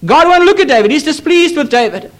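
High-voiced man preaching emphatically. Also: animated, a little fast. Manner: emphatic, repetitive preaching with pleading appeals. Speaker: pastor. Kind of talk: sermon. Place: church.

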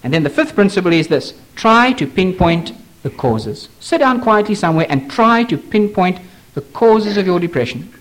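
A man preaching a sermon, earnest and pleading, asking the listener questions directly and slowing down for emphasis. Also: big pitch swings. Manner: earnest, pleading, dramatic swings in pitch and pace.

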